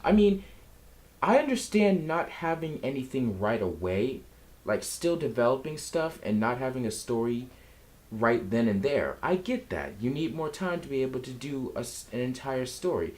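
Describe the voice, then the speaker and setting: A man's voice: medium pitch, big pitch swings, normal speed. A man giving a casual, sarcastic and exasperated rant as a film commentary vlogger.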